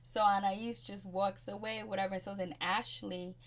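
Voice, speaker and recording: A woman giving a casual, slangy recap of a TV show, chatting in an animated way. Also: medium pitch, normal speed.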